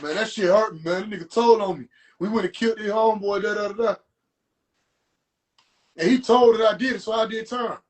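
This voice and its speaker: A man ranting and mocking in a profane, animated rant to a live audience, streamed from a phone. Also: sits high, fairly quick, pauses often. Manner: animated, profane, rants and mocks. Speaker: livestream host. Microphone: phone livestream.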